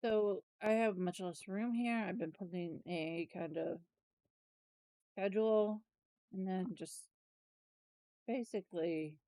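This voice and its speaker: Slow, mellow-voiced woman chatting tiredly. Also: medium pitch, no echo. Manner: rambling, trailing off, with self-corrections and asides. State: tired, yawning. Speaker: planner vlogger. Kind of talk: casual chatty planner walkthrough.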